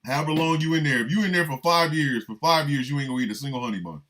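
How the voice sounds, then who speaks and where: An older man hosting a radio show, riffing in an animated, rambling comic monologue full of emphatic repetition. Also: fairly high pitch, racing, slight background noise.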